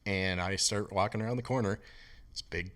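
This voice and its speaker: A man who is a guest on a podcast, telling stories in a casual, animated way and acting out the people in them. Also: low voice, a little fast. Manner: animated anecdote teller, voices the people in his stories. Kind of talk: casual storytelling.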